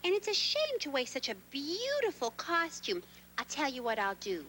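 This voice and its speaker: A woman's voice: sits high, huge pitch swings, normal speed, pushed and bright, a little hiss or hum, full character voice. A woman doing a bossy, scheming girl director puppet. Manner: bossy and manipulative. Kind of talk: puppet show acting.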